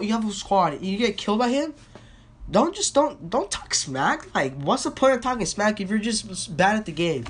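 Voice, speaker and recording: A man's voice: sits high, a bit bright, breathy edge. A teenage boy hosting a casual podcast, sick and coughing, rambling with lots of fillers and swearing. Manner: rambling, profane, filler-heavy. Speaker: podcast host.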